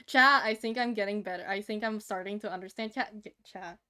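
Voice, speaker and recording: A woman's voice: mid-range voice, a little fast, pushed and bright, smooth. A woman in her thirties chatting casually to her stream while drawing, giggling and gushing over cute things. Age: 30s. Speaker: livestreamer.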